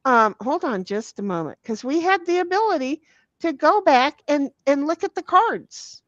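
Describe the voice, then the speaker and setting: High-voiced woman streamer, foul-mouthed and laughing. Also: expressive, moderate pace, no echo, muffled recording. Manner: swears freely, laughs often, reads chat aloud. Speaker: livestream host. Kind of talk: casual chat while playing a party game.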